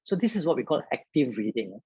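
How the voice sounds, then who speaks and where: A man's voice: medium pitch, very animated, a little fast, dark tone, breathy edge, no echo, muffled recording. A man tutoring biology in a live online lesson, talking straight to his viewers and filling his speech with "okay".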